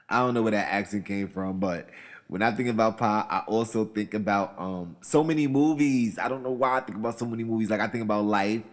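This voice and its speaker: A man with a fairly low voice hosts a casual, opinionated countdown. He talks in a loose, chatty flow, circles back on his own phrases and asks the audience questions. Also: brisk, big-room sound. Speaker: host of a countdown show.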